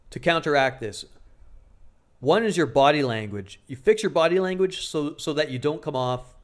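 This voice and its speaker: Man joking through crude dating advice. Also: mid-range voice. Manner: joking, crude, acts out quoted lines in exaggerated voices. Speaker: dating coach. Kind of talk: casual advice vlog to camera.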